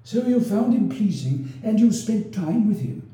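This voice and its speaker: Brief: male reader as a proud jealous nobleman, lively accusing delivery. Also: high-pitched, normal speed, far from the mic, pitched above the performer's own voice. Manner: accusing, bitter. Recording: roomy echo.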